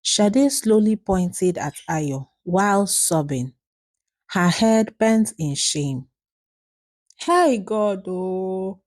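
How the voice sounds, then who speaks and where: A woman with a Nigerian accent narrating a folk tale as a storyteller, in measured, soft-spoken delivery. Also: fairly low pitch, expressive.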